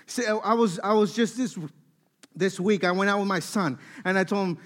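A man in his thirties preaching a sermon, telling family stories with lively acted-out dialogue. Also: high-pitched, brisk. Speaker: pastor.

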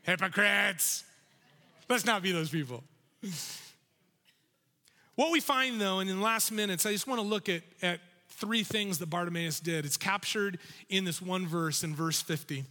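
A pastor preaching with animated urgency, his voice pitched high and ringing bright. A long hall reverb trails behind each phrase in the sanctuary. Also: moderate pace. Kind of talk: sermon.

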